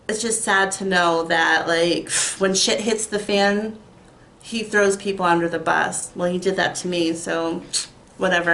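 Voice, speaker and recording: A woman's voice: fairly low pitch, fairly bright tone, slight background noise. Upset young woman ranting in echoey room. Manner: upset, emphatic, rambling. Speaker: YouTuber. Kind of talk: ranting vlog.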